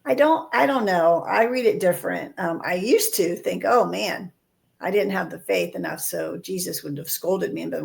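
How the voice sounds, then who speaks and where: A woman's voice: lowish voice, moderate pace, vocal fry. A woman co-hosting a faith podcast, talking earnestly and acting out quoted voices in casual discussion. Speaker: podcast co-host.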